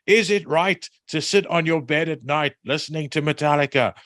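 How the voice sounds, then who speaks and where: A man doing a moralizing schoolteacher from a school assembly, with a South African accent. He speaks slowly and preaches from high in his voice, like a sermon aimed at wayward kids. The recording is dry and close. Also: fairly bright tone, no room sound, natural voice. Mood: preaching. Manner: slow, sermonizing, mocking exaggeration.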